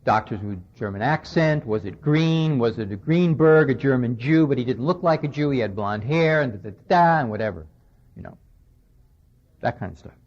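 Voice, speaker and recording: This old 1990s radio clip has a dull, lo-fi sound. The man's medium-pitched voice has a darkish tone and a lively lilt, moving at a normal speed as he lectures conversationally, retelling an exchange with emphasis.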